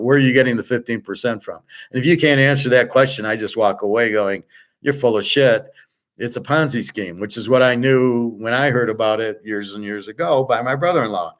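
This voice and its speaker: A man's voice: mid-range voice, fairly bright tone. Guy ranting off the cuff, swears a lot, keeps restarting sentences, trails off into ums. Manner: blunt, profane, many restarts and trailing fillers. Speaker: podcast host and betting tipster. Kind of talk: casual rambling monologue.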